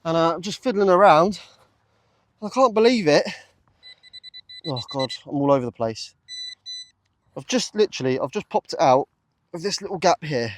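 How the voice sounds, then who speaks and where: A man talking casually to camera while metal detecting in a field, chatty and easily excited, with lots of fillers. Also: on the high side, fairly quick, no echo. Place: open field outdoors.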